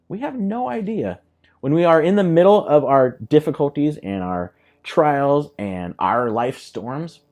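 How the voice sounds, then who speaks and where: A man preaching a sermon as a pastor, animated, acting out quoted voices with laughs. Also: medium pitch. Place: church.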